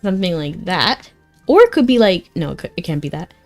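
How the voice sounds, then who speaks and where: A woman's voice: lowish voice, very animated, fairly quick, soft background music. A young woman chatting casually while she streams a fantasy game. She keeps filling her sentences with "like" and reacts openly to the story as it unfolds. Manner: chatty, peppers speech with "like", reacts emotionally to the story.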